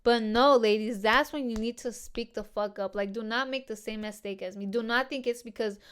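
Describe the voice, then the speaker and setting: A woman's voice: a little high, normal speed, a bit bright, clean tone. A young woman hosting a podcast, telling a story casually and bluntly, with lots of swearing and filler words. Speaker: podcast host.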